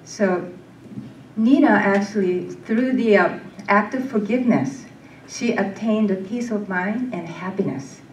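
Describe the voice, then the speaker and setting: A woman's voice: mid-range voice, unhurried. A woman leading a workshop lecture in a temple hall, talking conversationally and putting questions to her audience. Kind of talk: casual lecture. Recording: echoey hall, distant mic, faint noise.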